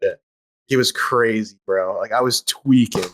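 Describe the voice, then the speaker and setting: A man's voice: fairly low pitch, a little slow, a bit bright, slight background noise. A young man telling a story as a guest on a casual podcast, rambling with lots of filler words and slang.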